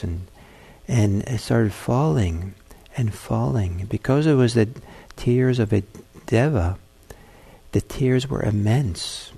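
A man, a meditation teacher, giving a dharma talk and telling a fable in a gentle, halting way. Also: fairly low pitch, vocal fry, breathy edge.

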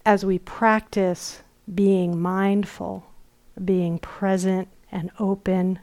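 A middle-aged woman giving a dharma talk in a retreat hall, speaking very slowly and unhurriedly. Her pitch sits in an ordinary middle range. She tells stories gently and sometimes slips into soft, whispered asides. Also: little pitch movement. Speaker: meditation teacher. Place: retreat center meditation hall.

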